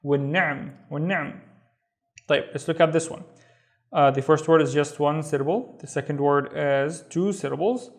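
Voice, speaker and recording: A man's voice: on the high side, moderate pace. A man teaching a beginner reading lesson, patiently sounding out syllables one at a time and repeating each word. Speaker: Arabic teacher. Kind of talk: slow step-by-step reading lesson.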